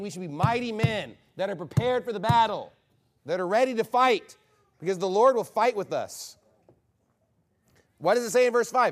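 A man preaching a fiery, combative sermon from the pulpit. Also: high-pitched. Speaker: pastor.

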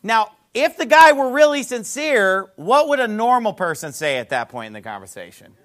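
A male pastor preaches with a high, lively voice that swoops up and down. He tells an animated story, acts out the caller's side of a phone call, and laughs at his own jokes. He asks his listeners rhetorical questions as he goes. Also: moderate pace. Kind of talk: sermon.

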